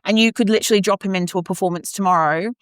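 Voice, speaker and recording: An Australian woman and opera singer co-hosting a podcast, giving measured, thoughtful views with a dry sense of humor. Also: mid-range voice, no room sound. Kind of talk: casual chat reviewing a singing competition.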